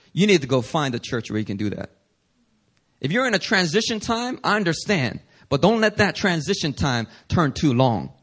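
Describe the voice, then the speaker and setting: A man's voice: high voice, fairly bright tone. A man preaching a sermon as pastor, reading scripture aloud and then putting rhetorical questions to his congregation. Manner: slows for emphasis on key verses.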